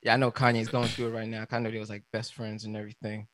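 Male podcast host, mid pitch, dry close sound, easygoing delivery. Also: little pitch movement, quick pace, a bit bright, no echo. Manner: loose and joking, breaks into laughter. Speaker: podcast host reading news. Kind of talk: casual podcast chat.

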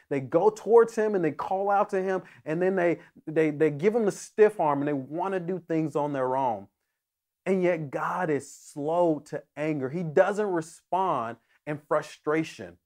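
A man preaching a sermon with an earnest, emphatic delivery. His voice sits a little higher than most men's. He often stumbles, restarts and repeats phrases as he presses each point home. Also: a little mellow. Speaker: pastor.

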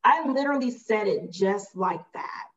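In slightly muffled audio, a woman with a medium-pitched, expressive voice shares a personal story as a guest. She moves at a moderate pace, keeping it casual and emphatic while acting out the remembered dialogue.

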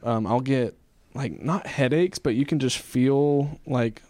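A man's voice: mid-range voice, slow pace, mellow, no room sound. A man hosting a podcast, talking thoughtfully with lots of hesitations in casual chat. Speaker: podcast host.

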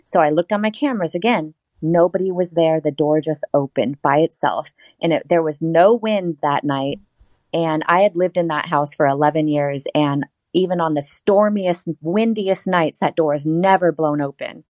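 A woman with a fairly low voice tells a personal story in a casual interview. She is animated and laughs often. The sound is dry and close. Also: normal speed, no room sound. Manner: animated, laughs often, quotes herself in a higher voice. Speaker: interview guest.

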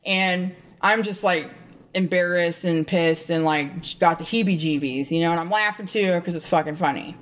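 A woman's voice: lowish voice, moderate pace. A woman co-hosting a podcast, telling a rambling, profane story in casual chat. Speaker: podcast co-host.

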